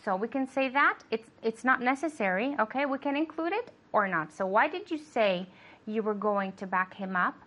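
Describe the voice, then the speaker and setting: In this bilingual language lesson, a woman sets English sentences for her student to translate, staying patient and encouraging and repeating "okay" a lot. She speaks at normal speed with a fairly high, expressive voice that sounds pushed and bright.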